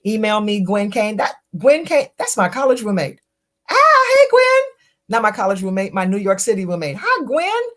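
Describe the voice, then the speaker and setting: A middle-aged woman hosting a live health chat, talking casually with frequent laughs and sudden high exclamations. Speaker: host answering viewer questions.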